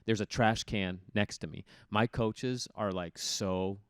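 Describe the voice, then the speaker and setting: A man's voice: on the low side, takes it slowly, clear, resonant tone, no room sound, studio quality. A man in his thirties, a guest telling stories in a casual interview, acting out voices as he goes. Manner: animated storyteller, acts out voices in his anecdotes. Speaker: guest, former college hockey player.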